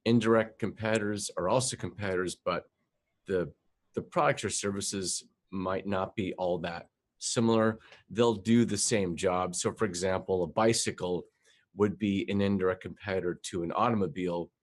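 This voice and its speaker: Low-voiced man lecturing with many fillers. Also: steady tone, moderate pace. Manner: hesitant, frequent uh fillers and restarts. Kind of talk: recorded class lecture.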